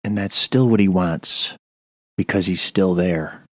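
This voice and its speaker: Stern low-voiced man preaching. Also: a little slow, no echo, clean studio sound. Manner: earnest, stern preaching, reads scripture aloud. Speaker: radio Bible teacher. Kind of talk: sermon-style Bible study.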